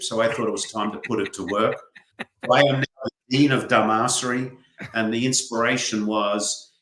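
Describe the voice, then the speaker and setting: A man's voice: on the low side, fairly bright tone. An older man with an Australian accent, a guest author speaking earnestly in a livestream interview. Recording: roomy echo.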